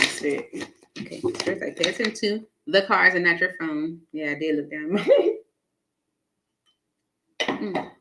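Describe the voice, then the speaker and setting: A woman with a lowish voice hosts a live stream, giving casual tarot readings over heavy background noise. She's chatty, laughs often, and addresses her viewers by name.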